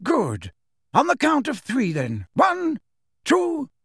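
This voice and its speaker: A man voicing a calm, commanding elderly wizard headmaster, speaking in a measured, authoritative way. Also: no echo, clean studio sound, heavily acted. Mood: urgent. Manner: measured, authoritative, raised and lively pitch. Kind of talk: audiobook character voice.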